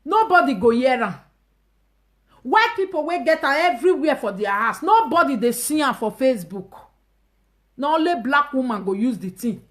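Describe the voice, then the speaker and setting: A woman speaking Nigerian Pidgin English, hosting a casual live stream and ranting emphatically and mockingly, with loud outbursts and low asides. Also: very animated, moderate pace. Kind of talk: animated casual rant.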